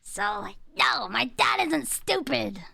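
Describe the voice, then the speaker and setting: High-voiced chatty woman. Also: very animated, takes it slowly, creaky, pushed and bright, dry recording. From England. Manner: chatty, rambling, laughing, reacting to chat. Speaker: streamer. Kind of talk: casual stream chat.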